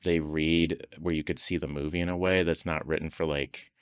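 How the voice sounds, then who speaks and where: A man's voice: extremely low pitch, level tone, normal speed, clear, resonant tone, no room sound, clean studio sound. A man on a podcast telling stories in casual conversation, laughing often and acting out the voices of people he quotes. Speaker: podcast guest.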